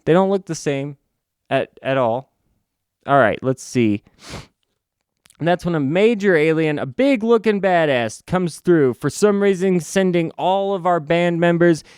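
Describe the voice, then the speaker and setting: A man's voice: on the high side, a little mellow, smooth, no room sound. Male comic reviewer, rambling and wry, clean dry close recording. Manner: wry, rambling, self-interrupting. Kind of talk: casual comic review read-through.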